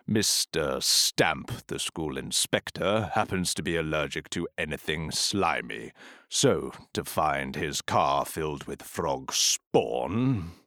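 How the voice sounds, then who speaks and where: An actor playing a pompous, blustering male town mayor in a full-cast audiobook, talking slowly and self-importantly. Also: a bass voice, animated, a bit bright, no echo, clean studio sound, full character voice.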